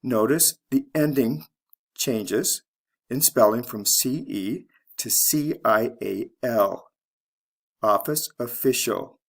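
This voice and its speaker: A man teaching an English pronunciation lesson, reading word pairs slowly and spelling out endings letter by letter. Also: medium pitch, creaky. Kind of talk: slow, deliberate pronunciation lesson.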